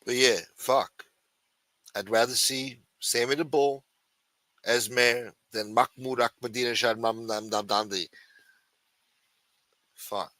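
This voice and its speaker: A man's voice: medium pitch, fairly even intonation, slow, long pauses, sharp tone, no echo. A man hosting a livestream, rambling in a sarcastic, profane, casual way. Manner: rambling, sarcastic, heavy swearing. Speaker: livestream host.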